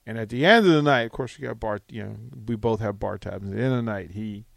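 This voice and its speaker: A man hosting a sports radio talk show, telling a rambling, animated anecdote with restarts into a studio mic. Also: lowish voice, quick pace, gravelly, no echo.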